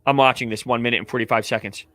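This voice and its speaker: A man hosting a casual live-stream reaction, swinging from hushed awe to loud shouts. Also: medium pitch, steady tone, rapid-fire, no room sound. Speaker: show host.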